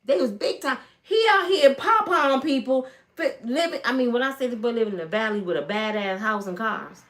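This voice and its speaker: A woman's voice: on the high side, a little fast. A woman in her fifties casually telling stories to her live viewers from home, acting out the people in them. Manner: animated, acts out voices of people in her stories. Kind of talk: casual storytelling live stream.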